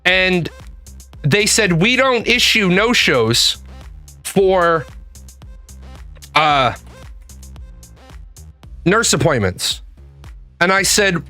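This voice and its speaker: High bright-voiced man ranting. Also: animated, very slow, long pauses, soft background music. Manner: exasperated, swears a lot, acts out phone calls. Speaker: podcast host. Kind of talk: profane storytelling rant.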